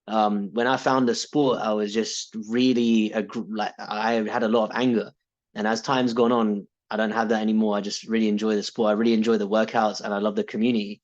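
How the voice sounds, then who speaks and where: A man's voice: lowish voice, level tone, fairly quick, lo-fi sound. A British man talking casually and reflectively about his coaching, rambling with restarts and laughs. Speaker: coaching client.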